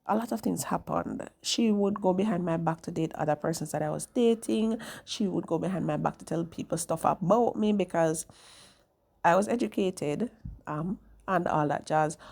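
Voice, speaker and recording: A woman's voice: on the low side, creaky, a little mellow. A young woman, telling a personal story in a candid, chatty way to her viewers. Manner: candid, chatty, often tags "right?". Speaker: vlogger.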